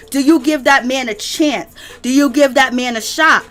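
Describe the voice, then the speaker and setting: A woman hosting a casual livestream gossip show, drawling and animated, calling her viewers "baby". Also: high-pitched, normal speed, few pauses. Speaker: celebrity gossip host.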